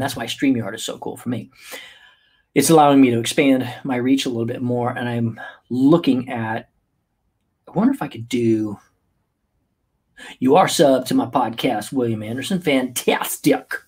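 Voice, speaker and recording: A man's voice: medium pitch, moderate pace, long pauses, a little mellow, husky. A man hosting a casual livestream as a podcast host and life coach, talking in an upbeat, playful and chatty way with many fillers.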